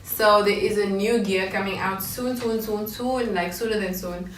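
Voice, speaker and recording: A woman's voice: medium pitch, fairly even intonation, moderate pace. Chatty woman hosting. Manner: laughing, chatty, self-conscious. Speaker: host. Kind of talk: casual chat. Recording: roomy distant mic with faint noise.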